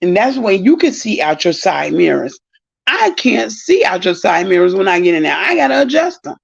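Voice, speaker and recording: A middle-aged woman telling a long, animated story in a casual live-stream monologue, exclaiming and rambling. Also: mid-range voice, normal speed. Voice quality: gravelly, husky. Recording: dull lo-fi sound.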